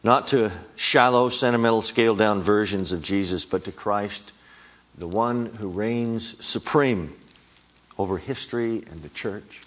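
A middle-aged man delivers a sermon at a slow, deliberate pace. His voice sits low, and he presses hard on repeated words, pushing each one higher. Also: a bit bright. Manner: emphatic, rising on repeated words. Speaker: preacher.

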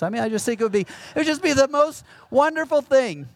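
A man's voice: very high-pitched, animated, a little fast. A middle-aged male pastor giving a conversational sermon with self-deprecating humor.

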